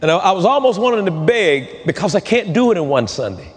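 A man preaching a sermon to his congregation, at times racing and at times drawing phrases out into loud, stretched calls. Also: high voice, big pitch swings. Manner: fervent preaching, swings between rapid talk and drawn-out shouted phrases. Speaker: pastor. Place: church sanctuary. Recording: long hall reverb.

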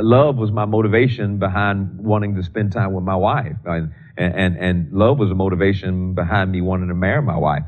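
A man's voice: on the low side, narrow, tinny audio. A married man preaching a sermon on prayer, reading scripture aloud and repeating key lines for emphasis. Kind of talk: sermon teaching.

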